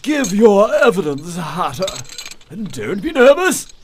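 A man voicing a bossy, impatient king who sits as judge in a children's story, giving slow, deliberate commands. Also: high voice, sing-song, slight background noise. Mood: stern. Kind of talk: children's audio story acting.

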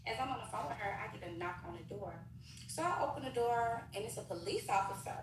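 A woman's voice: on the high side, fast talker. Woman telling a story in an echoey room. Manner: animated, addresses viewers as "y'all". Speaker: storyteller in a played clip. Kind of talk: casual storytime. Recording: echoey room from far off, noisy.

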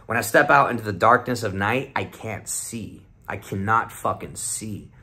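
In a low, pushed, bright voice at normal speed, a young man tells a profane, rambling story about a trip for his casual vlog. He swears nonstop and voices his friends' quoted remarks.

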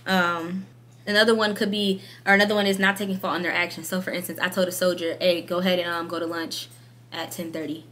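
A woman's voice: fairly low pitch, fast talker. A woman army sergeant talking casually and bluntly to camera, full of slang and rhetorical questions. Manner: blunt, animated, slangy and frank; asks many rhetorical questions.

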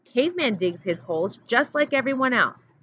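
A woman reading as a stern, sharp camp warden. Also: on the high side, lively intonation, moderate pace, slight background noise, pitched above the performer's own voice. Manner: sharp, questioning.

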